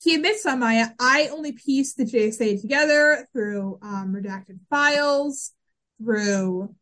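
A woman's voice: a little high, measured pace, a bit bright. A woman co-hosting a podcast, chatting casually and restarting her sentences as she recaps an episode. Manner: chatty, frequent restarts and fillers. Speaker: podcast co-host.

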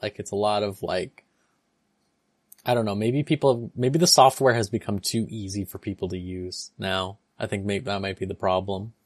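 A podcast co-host chatting casually, telling animated stories. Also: sits low, normal speed, dry recording, studio quality. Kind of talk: casual chat.

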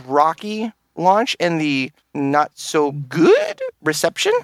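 A man hosting a casual gaming podcast, his pitch leaping around as he jokes and laughs. He sits a little higher than most men, and his voice comes across dry and close to the mic. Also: wildly swooping pitch, takes it slowly, no room sound. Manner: joking, laughs often, crude. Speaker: podcast host.

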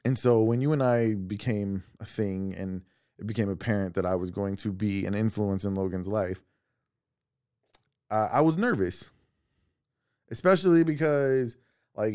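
A man with a fairly low voice, recorded close and dry, chatting casually as a podcast co-host. He tells family stories with lively energy, laughs often, and slips into voices for the people he quotes. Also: smooth, dry recording. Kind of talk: casual personal storytelling. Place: at home.

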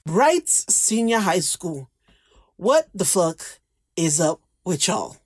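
A woman's voice: on the low side, very animated, slow, husky, no room sound, clean studio sound. A woman hosting celebrity gossip news, blunt and profane, with laughing asides. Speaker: entertainment news host. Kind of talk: casual celebrity gossip commentary.

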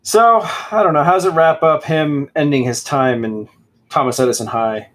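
A man's voice: a little high, moderate pace. A man co-hosting a podcast, casually mocking a book as he reads passages aloud in a sarcastic, dramatic way. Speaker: podcast co-host.

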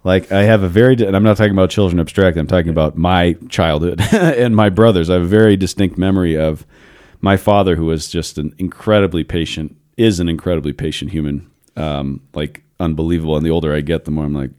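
Male podcast host in his thirties, very deep voice, lively storyteller, casual chat. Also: fast talker. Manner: storytelling, animated, laughs often. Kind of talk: casual philosophical discussion.

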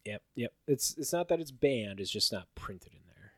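In a clean studio recording with no room sound, a man of medium pitch co-hosts a podcast at a moderate pace. His talk is a loose, filler-heavy ramble about card game results, and he livens up as he reels off the stats.

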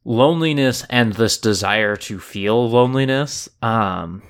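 Co-host talking slow, lots of ums and pauses, laid back chat. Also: medium pitch, clean tone. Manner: hesitant, halting with many fillers. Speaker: podcast co-host. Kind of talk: casual chat.

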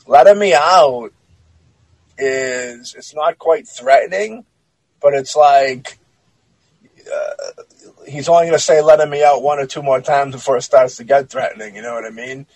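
A man's voice: medium pitch, moderate pace, a little mellow, no room sound, poor audio. A man co-hosting a podcast, reading a spooky story and then joking about it bluntly, with frequent swearing. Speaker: podcast co-host. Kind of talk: casual chat, reading a story aloud.

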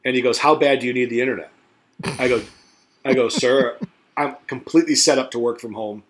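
A man's voice: medium pitch, steady tone, fairly quick, slight background noise. Foul-mouthed man telling a rambling story. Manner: profane, rambling, acts out quoted voices. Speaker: podcast co-host. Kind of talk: casual storytelling chat.

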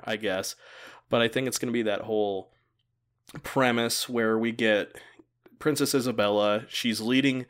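A man's voice: lowish voice, fairly bright tone, clean tone. A man chatting casually as a podcast host, recapping a show and laughing often as he goes. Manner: chatty, laughs often, acts out quoted lines. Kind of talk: casual chat.

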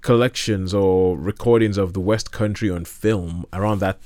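A man's voice: low voice, steady tone, moderate pace, darkish tone, no echo. A man hosting a podcast who asks curious questions and jokes about old films. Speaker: podcast host. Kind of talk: casual film discussion.

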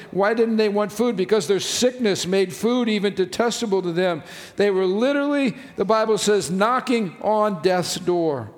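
A man preaching a sermon as pastor, reading scripture and stretching key phrases for emphasis. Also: high voice. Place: church sanctuary. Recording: long reverb of a church hall.

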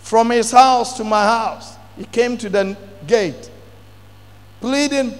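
High-voiced preacher in a big echoing hall. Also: male voice, fairly even intonation, takes it slowly. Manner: dramatic storytelling, bursts into shouts. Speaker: pastor. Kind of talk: sermon testimony. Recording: long hall reverb.

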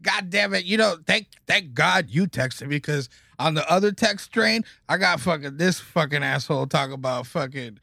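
A man hosting a podcast, running through horror news with excitable, self-mocking, foul-mouthed chatter. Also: a little high, moderate pace, vocal fry, few pauses, no echo, studio quality. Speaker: podcast host. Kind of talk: casual banter reading news items.

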